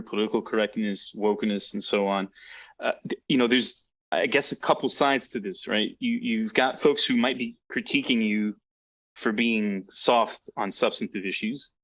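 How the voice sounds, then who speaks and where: A man's voice: on the low side, a bit bright, muffled recording. A man hosting a podcast, asking long, thoughtful questions padded with fillers and hedges. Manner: thoughtful, hedging with many fillers. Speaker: podcast host. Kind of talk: interview questions.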